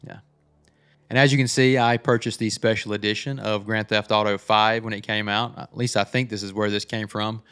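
Middle-aged male gaming host, deeper voice with a smooth, clean tone, chatty trailer breakdown. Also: flat delivery, moderate pace, fairly bright tone. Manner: chatty, thinking aloud with frequent "uh"s. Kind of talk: casual game trailer breakdown.

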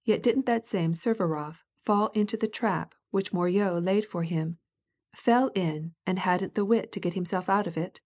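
A woman voicing a measured, polite young prince in an audiobook reading. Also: on the low side, darkish tone, close to an everyday voice. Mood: calm. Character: calm reasoning young male prince.

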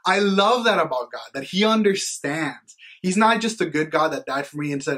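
Husky young man, earnest faith chat. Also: on the high side, animated, moderate pace, few pauses, a bit bright. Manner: earnest, rambling, heavy on "like" and "you know what". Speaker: youth podcast co-host. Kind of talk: casual faith talk.

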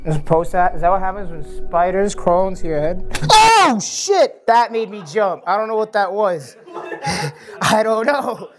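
A man's voice: sits high, normal speed, over music. A man reacting to a horror game as he plays it. He is jumpy, swears, and repeats panicked phrases. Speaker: video game player. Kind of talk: casual let's-play reaction.

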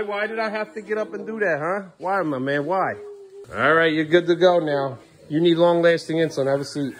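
Exasperated dad vlogging at home, higher-pitched. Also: male voice. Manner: exasperated, rambling, scolding kids. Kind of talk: casual home vlog talk. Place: family home living room.

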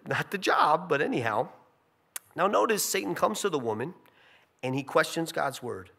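A male pastor preaching a sermon in an animated, conversational way with jokey asides. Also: a little high, vocal fry.

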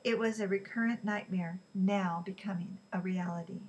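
A woman reading a novel aloud in an even, unhurried way, with small slips she corrects. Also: medium pitch, breathy edge, muffled recording. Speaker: reader.

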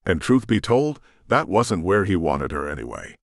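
Deep male narrator, lively delivery, dry close sound. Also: normal speed, no echo. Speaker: audiobook narrator. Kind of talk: scripted audiobook narration.

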